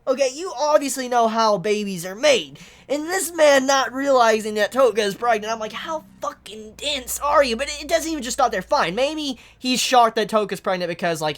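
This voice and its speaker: A woman reviewing a manga chapter in a casual vlog, excitable and exasperated, swearing freely. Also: a little high.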